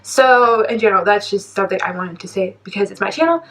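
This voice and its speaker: A woman's voice: medium pitch, fast, rough recording. Indignant woman in her twenties ranting. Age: 20s. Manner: indignant, animated, rambling with frequent laughs. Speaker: K-pop reaction vlogger. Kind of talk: casual rant to camera.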